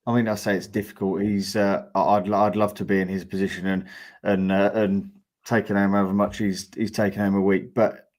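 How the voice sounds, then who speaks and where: Man, podcast panelist, low pitch, hesitant, fillers and restarts. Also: flat delivery, brisk, darkish tone. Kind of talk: casual football chat.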